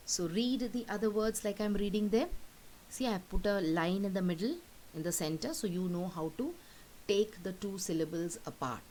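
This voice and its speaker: A woman's voice: medium pitch, expressive, darkish tone, low-quality recording. A woman teacher giving a recorded lesson, patiently saying each word twice to model its pronunciation. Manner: patient, repeats words slowly to model pronunciation. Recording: faint hiss.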